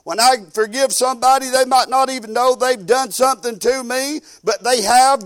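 High-voiced preacher, emphatic. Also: male voice, normal speed, few pauses. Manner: emphatic, folksy, swings from loud exhortation to low asides. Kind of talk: sermon.

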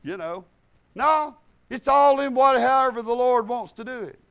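A man's voice: very high voice, expressive, normal speed, creaky, fairly bright tone, clear, resonant tone. A man preaching a sermon, retelling talks with God and mixing scripture quotes with folksy plain talk.

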